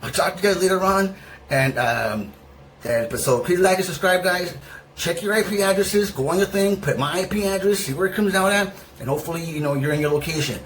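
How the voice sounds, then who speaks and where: A man's voice: high-pitched, fairly quick, fairly bright tone, slight background noise, poor audio. A man hosting a casual vlog, rambling through fillers and restarts while affectionately addressing his viewers, his voice still recovering. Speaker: channel host.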